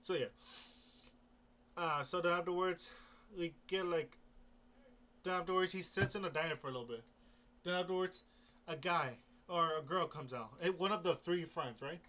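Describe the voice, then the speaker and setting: A man's voice: on the high side, moderate pace, long pauses, bright, forceful tone. A young man rambling casually about comics, hesitant, restarting often and swearing offhandedly. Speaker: comic book vlogger.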